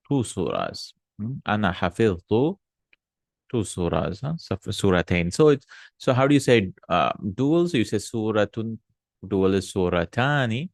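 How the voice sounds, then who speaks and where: A man teaches an Arabic grammar lesson, reading Arabic lines aloud and translating them step by step, with frequent hums and uhs. His voice is low, and the recording is studio quality with no echo.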